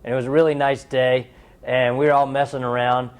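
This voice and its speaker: Relaxed young man telling sports stories. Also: medium pitch, a little fast, smooth. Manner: relaxed, candid storytelling with playful bits. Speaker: athlete interviewee. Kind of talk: casual interview talk.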